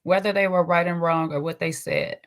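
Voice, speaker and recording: A woman riffs on a casual livestream, her voice sitting a little low. She is sassy and talkative, greeting her chat by name and tagging on "okay?" as she goes. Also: normal speed. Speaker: livestream host.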